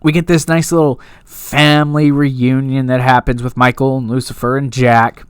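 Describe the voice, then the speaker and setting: A man's voice: mid-range voice, level tone, moderate pace, clean tone, dry recording, studio quality. A man giving a casual, rambling recap and review of a TV episode, full of fillers and asides.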